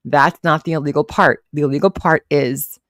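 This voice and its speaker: A woman with a low voice chats casually on her live stream, rambling between posts and greeting viewers by name. Her voice is recorded close and dry, with no room sound around it. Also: moderate pace, a bit bright, no room sound. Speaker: livestream host reacting to commentary.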